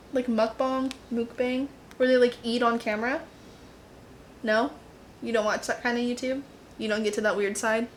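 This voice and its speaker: A woman's voice: a little high, a little hiss or hum. A young woman talking casually at home in a reading vlog, chatty and self-deprecating, often laughing. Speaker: book vlogger. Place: home, kitchen table by a window. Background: washer and dryer running.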